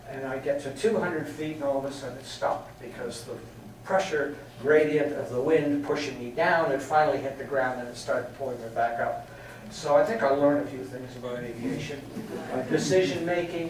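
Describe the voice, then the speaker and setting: A man's voice: medium pitch, moderate pace, slight background noise. An older man from England telling chatty flying anecdotes to a meeting, chuckling at his own stories. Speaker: guest speaker. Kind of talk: storytelling talk. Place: meeting hall. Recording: very echoey hall from far off.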